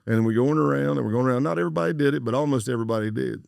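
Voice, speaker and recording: A man's voice: mid-range voice, very fast, creaky, darkish tone, dry recording, studio quality. A middle-aged American man, a former undercover agent, telling a story as a podcast guest and acting out the dialogue he quotes. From United States.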